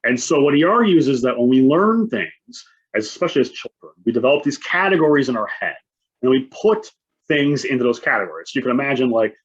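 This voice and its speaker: A man gives a conference talk in a relaxed, conversational way, checking in with the audience through constant "right?" tags. His voice is husky. The recording sounds muffled and lo-fi. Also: mid-range voice. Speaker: conference presenter. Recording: dull lo-fi sound.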